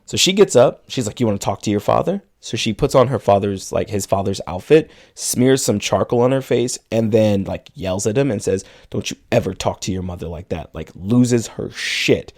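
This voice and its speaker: A podcast co-host casually recaps a film's plot, tossing in quotes from its characters as he goes. His lowish, slightly mellow voice is expressive, moving at a moderate pace with hardly any pauses.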